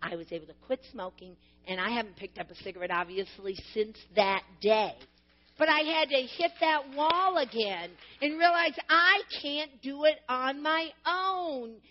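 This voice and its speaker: High-voiced woman preaching earnestly. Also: measured pace, dull audio. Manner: earnest, laughing asides, rising to fervent emphasis. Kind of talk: sermon.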